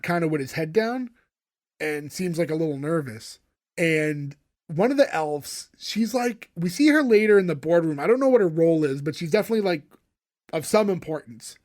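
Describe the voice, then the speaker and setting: Male podcast co-host, high voice, rambling casual recap. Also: lively intonation, moderate pace, a little mellow. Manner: rambling, filler-heavy, laughs often. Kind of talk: casual chat recapping a TV episode.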